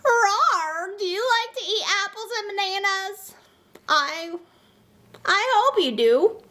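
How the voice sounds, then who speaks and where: A woman voicing a playful young dinosaur who sings and roars, teaching children in a sing-song, drawn-out way. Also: extremely high pitch, expressive, pushed and bright, exaggerated voice. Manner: sing-song, stretches vowels, drawn-out words. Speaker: children's puppet show host. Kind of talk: children's sing-along lesson.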